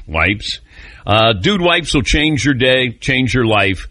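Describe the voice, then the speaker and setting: A man's voice: medium pitch, sing-song, sharp tone, dry recording. A middle-aged man hosting a radio talk show, bantering with callers and crew in a joking, self-mocking way. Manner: joking, self-mocking, quick back-and-forth. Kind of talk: casual talk radio chat.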